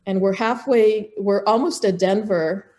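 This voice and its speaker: A middle-aged woman, a podcast guest, telling a personal story in a lively way with restarts. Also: mid-range voice, measured pace. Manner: animated, acts out quoted dialogue, frequent restarts. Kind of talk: casual storytelling in an interview.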